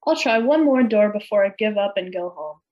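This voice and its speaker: A woman voicing a kind, lonely male monster who speaks softly and stammers when afraid. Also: medium pitch, animated, normal speed, dull audio, lightly acted. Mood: hopeful. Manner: soft, whimpering, stammering.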